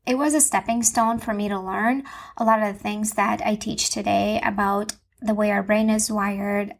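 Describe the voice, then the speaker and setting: A woman's voice: mid-range voice, gravelly. A woman in her thirties hosting her own podcast from home, speaking in an earnest, confessional way with emphatic repetition. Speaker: podcast host and Christian mom coach. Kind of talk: personal podcast monologue.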